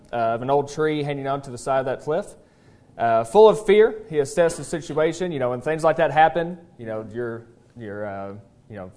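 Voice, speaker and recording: A man preaching a sermon as pastor in a church service, in a folksy, conversational way with frequent "uh" pauses. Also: mid-range voice, darkish tone. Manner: tells a joke story then presses the point earnestly.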